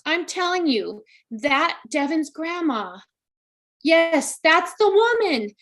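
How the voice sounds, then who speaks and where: A woman's voice: very high-pitched, very animated, slow pace, fairly bright tone. A woman hosting a live stream as a psychic medium, giving casual readings in an effusive, exclaiming way and speaking straight to her viewers.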